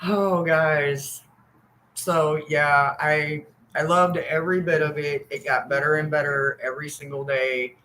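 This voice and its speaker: A woman's voice: low-pitched, steady tone, unhurried, a bit bright, rough recording. A woman hosting a live stream, telling stories in casual, profane chat and laughing often.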